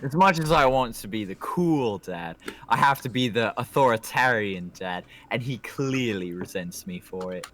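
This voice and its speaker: A man's voice: medium pitch, expressive, moderate pace, hardly any pauses, a bit bright, slight background noise, natural voice. A man voicing a weary, apologetic middle-aged single dad, reading visual novel lines aloud with friends.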